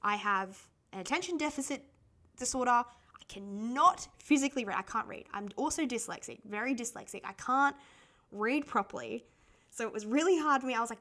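A woman's voice: fairly high pitch, a little fast, a bit bright. A young adult Australian woman hosting a podcast, telling personal stories in a candid, casual way. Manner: chatty and candid, laughs often while telling stories. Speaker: podcast host.

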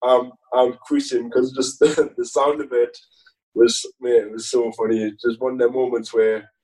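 A man in a relaxed interview chat, telling dressing-room stories with a dark, mellow tone. He rambles, laughs often and restarts his sentences. His voice sits a little back from the microphone. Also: mid-range voice, moderate pace, recorded from a distance, rough recording. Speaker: footballer guest.

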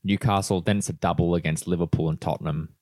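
A man co-hosting a casual football podcast, excitable and swearing freely. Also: deep voice, fast, dry recording, studio quality. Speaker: podcast co-host.

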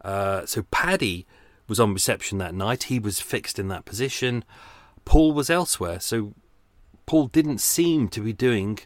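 A man's voice: lowish voice, a little slow, no room sound, clean studio sound. A man hosting his own podcast, chatting loosely with lots of fillers, casual swearing and self-deprecating asides, flagging in the heat. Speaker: true crime podcast host. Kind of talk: casual solo podcast monologue.

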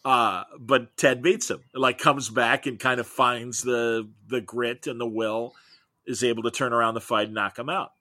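A man's voice: medium pitch, fairly even intonation, normal speed, sharp tone, dry recording. A middle-aged man, a comics podcaster, chatting as an interview guest and telling long, enthusiastic, rambling stories. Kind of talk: casual interview chat.

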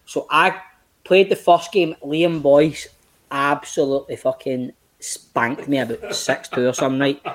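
A man in his late thirties with a Glaswegian Scottish accent, telling a story as a guest in casual chat, animated and sweary, acting out quotes in big swings of pitch. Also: unhurried. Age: late 30s. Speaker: podcast guest, actor.

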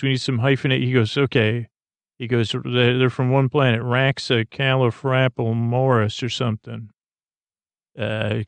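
A man hosting a bedtime podcast, retelling a TV episode in a halting, rambling way with many fillers and restarts. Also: mid-range voice, vocal fry, no echo. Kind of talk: sleepy rambling recap.

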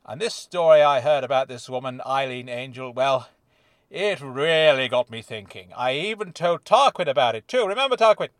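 A man's voice: mid-range voice, expressive, moderate pace, no echo, clean studio sound, lightly acted. A man doing a jovial, theatrical reporter. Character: eager, chatty middle-aged male freelance reporter. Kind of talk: audiobook character voice.

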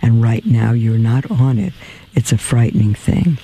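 A tired man hosting a religious radio program, answering listener mail in a halting, plain-spoken way with many ums and restarts. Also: mid-range voice, dark tone, low-quality recording. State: tired and yawning. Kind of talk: religious call-in radio talk.

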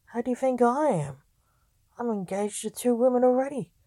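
A woman voicing a charming young male highwayman in a storybook reading. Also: moderate pace, dark tone, no echo, natural voice. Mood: exasperated.

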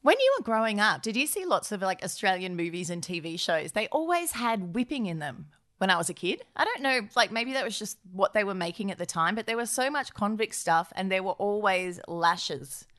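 A woman co-hosting a podcast over a video call, teasing her co-host with quick questions. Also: mid-range voice, big pitch swings, a bit bright. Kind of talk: casual chat.

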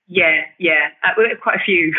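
A woman telling her story as an interview guest, animated and emotional, often restarting her sentences. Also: on the low side, moderate pace, slightly rough. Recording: tinny phone-like line.

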